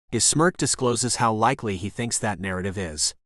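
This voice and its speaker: A man reading a first-person romance audiobook in a steady, even narration. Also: lowish voice, moderate pace, no echo, clean studio sound.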